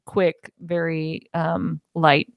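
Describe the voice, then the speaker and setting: Excitable woman, dry close sound. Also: low voice, very slow, gravelly, no room sound, dull audio. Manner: excitable, gushing. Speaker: podcast co-host. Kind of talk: casual book-club chat.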